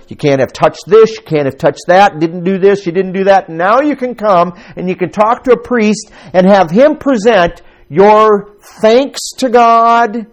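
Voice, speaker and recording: A man preaching a conversational sermon to his congregation, asking them questions as he teaches. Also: high-pitched. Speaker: pastor.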